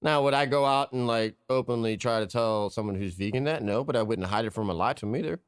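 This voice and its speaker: A man's voice: mid-range voice, fast talker, clean tone, dry recording, studio quality. A man hosting a casual podcast chat about sales, plainspoken and coaching, driving home his key points.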